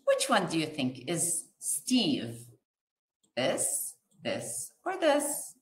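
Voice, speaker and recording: A woman teaching little children to read, stretching each letter and word very slowly. Her low voice swoops up and down in a lively, sing-song way. The sound carries a roomy echo. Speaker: kindergarten teacher. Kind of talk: classroom phonics lesson.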